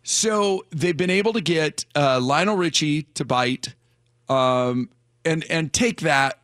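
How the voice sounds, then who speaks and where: A man's voice: fairly high pitch, slow pace, a bit bright, no echo, clean studio sound. A man hosting a morning radio show, chatting casually and rambling with repeated words.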